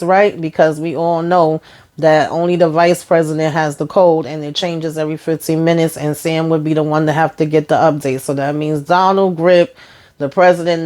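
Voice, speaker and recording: A woman with a low, deep voice hosts a relaxed TV recap. She retells each scene by quoting the characters' lines, breaking in with her own lively comments. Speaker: TV recap host. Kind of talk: casual episode recap.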